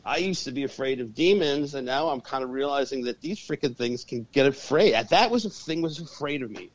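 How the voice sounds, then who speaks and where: An animated man telling a story in a podcast interview, cursing freely as he goes. His voice sits at a middle pitch. The audio is dull and lo-fi. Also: fairly quick, dry recording. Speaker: guest, urban shaman and exorcist.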